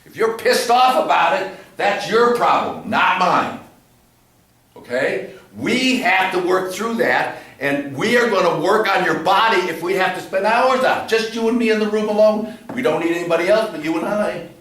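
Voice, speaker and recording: A man directing an actor in rehearsal, blunt and swearing, dropping low then pushing hard, recorded from across an echoey studio theatre. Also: animated, moderate pace. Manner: blunt, swearing, swings from quiet to loud pushing. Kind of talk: rehearsal coaching. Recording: echoey room from far off.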